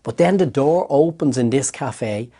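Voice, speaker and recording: A middle-aged Irish man, a therapist, recounting a personal story in an interview with lively restarts. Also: medium pitch, unhurried. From Ireland. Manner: animated storytelling with hesitant restarts. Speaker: guest, therapist.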